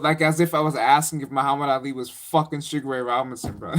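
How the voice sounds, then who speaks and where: Young male streamer, casual slangy rambler, mid-pitched voice. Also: fairly even intonation, fast talker, fairly bright tone. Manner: rambling, slangy, laughing storyteller. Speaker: live streamer. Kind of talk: casual live-stream chat.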